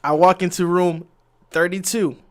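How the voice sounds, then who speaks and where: A man's voice: sits high, normal speed, clean tone. A man co-hosting a podcast, casually telling a story from work, acting out what people said and getting exasperated when he is interrupted. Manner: animated, acts out quotes, exasperated at interruptions.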